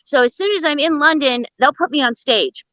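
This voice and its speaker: A woman stand-up comic telling bawdy stories as a guest in an interview, brash and animated. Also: high-pitched, a little fast, low-quality recording. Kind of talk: comedic storytelling in an interview.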